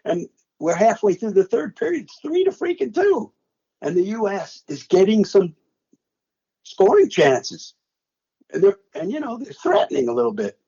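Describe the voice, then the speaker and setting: An older sportscaster, lively and husky, recalls a game he once called during an animated storytelling interview, dramatically re-enacting his own play-by-play. His voice sits high, his pace is moderate, and the recording's highs are cut off.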